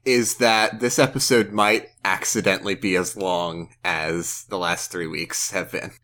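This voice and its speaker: Male podcast host, bright forceful tone, rambling casual chat. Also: low-pitched, steady tone. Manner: rambling, quick restarts, laughs easily.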